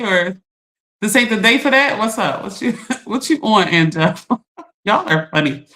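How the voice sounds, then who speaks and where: A woman's voice: mid-range voice, animated, measured pace, pauses often, bright, forceful tone. A middle-aged woman, chatting on a livestream and reading viewer comments, laughing and teasing. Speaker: livestream host.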